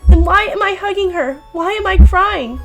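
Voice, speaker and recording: A woman voicing an earnest, emotional teenage schoolgirl heroine in a horror visual novel, in a high, urgent voice. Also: unhurried, faint music behind. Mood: tearful.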